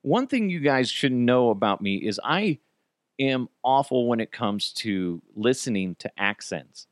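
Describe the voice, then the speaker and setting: Man, podcast host, casual storytelling, swears freely, animated, dry close sound. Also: medium pitch, unhurried, dry recording. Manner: rambling, self-deprecating, swears freely.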